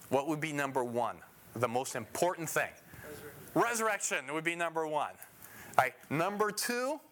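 Bright-voiced man teaching the Bible. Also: high-pitched, slight background noise. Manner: poses questions to the audience and answers them; emphatic, repeats key phrases.

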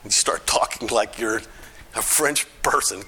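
A man's voice: lowish voice, measured pace, vocal fry, sharp tone, breathy edge. A middle-aged American man giving a conversational church talk, often asking the audience questions. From United States.

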